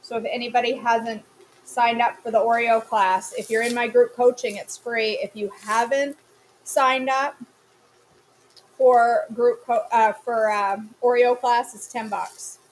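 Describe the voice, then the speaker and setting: A woman's voice: on the high side, steady tone, unhurried, slight background noise, low-quality recording. A woman hosting a live cooking class from her home kitchen, chatting casually and answering viewer comments as she cooks.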